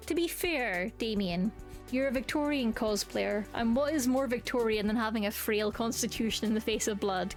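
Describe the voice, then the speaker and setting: A woman's voice: on the high side, normal speed, soft background music. A woman streaming a dating game, reading its lines aloud with playful comments and silly voices.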